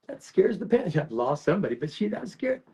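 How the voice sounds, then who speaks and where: A man's voice: sits high, darkish tone, low-quality recording. A man hosting a casual livestream, rambling and emotional, often restarting his sentences. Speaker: livestream host.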